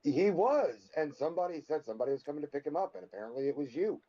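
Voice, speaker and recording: A man's voice: big pitch swings, rapid-fire, dark tone. A man co-hosting a podcast, trading crude improvised comedy banter in a blunt, insulting way. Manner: blunt, insulting, swinging pitch. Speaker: podcast co-host. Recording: dull lo-fi audio.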